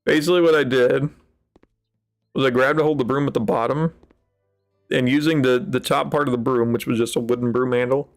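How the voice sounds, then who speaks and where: A man's voice: medium pitch, fairly even intonation, a little fast, long pauses, faint music behind. A man giving casual let's-play commentary in a rambling, wry way, with mock-dramatic sulking. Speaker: gaming channel host.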